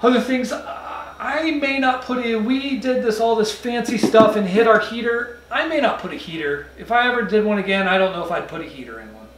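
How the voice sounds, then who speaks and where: A man with a fairly high voice gives a casual car review, his talk rambling and full of self-corrections. He sits back from the microphone, and the room echoes around him. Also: animated, a little fast, hardly any pauses, fairly bright tone, distant mic, a little hiss or hum. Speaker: car channel host.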